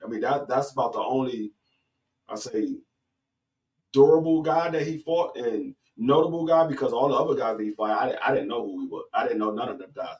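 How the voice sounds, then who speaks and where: A man in casual sports talk, speaking haltingly with many restarts and climbing high in pitch when he argues a point. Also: far from the mic, poor audio. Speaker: boxing talk guest.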